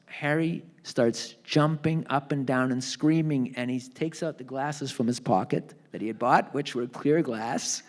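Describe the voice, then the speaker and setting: Animated male storyteller on stage. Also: medium pitch, a little slow. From Canada. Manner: animated storyteller acting out quoted voices. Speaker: author being interviewed. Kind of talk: live onstage book talk. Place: theatre stage.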